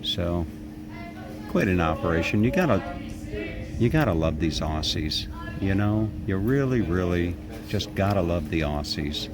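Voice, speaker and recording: A man's voice: low-pitched, expressive, unhurried. An American man, middle-aged, rambling in a folksy vlog as he films himself outside a takeaway shop at night on a phone camera. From United States. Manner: rambling, folksy, restarts phrases often. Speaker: travel vlogger. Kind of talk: casual walk-and-talk vlog. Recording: outdoor street noise behind. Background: traffic and street ambience.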